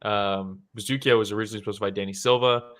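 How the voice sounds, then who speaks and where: A man's voice: fairly low pitch, steady tone, fast, a bit bright. A young man co-hosting a podcast, chatting casually about fight photos and swearing freely as he acts out quotes. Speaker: podcast co-host.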